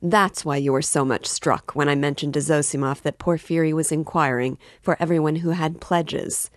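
A woman reading aloud voices a loud, hot-headed young male student, exclaiming excitedly. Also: low-pitched, normal speed, dry recording, studio quality, natural voice. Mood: pointed.

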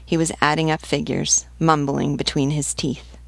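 Low-voiced woman reading a novel aloud. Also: creaky, no room sound. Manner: measured, even narration. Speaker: book reader. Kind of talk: audiobook reading.

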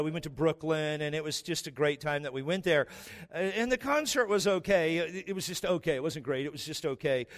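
A man's voice: fairly high pitch, in a large hall. A man preaching a sermon as pastor, repeating key phrases for emphasis and having the congregation say verses aloud.

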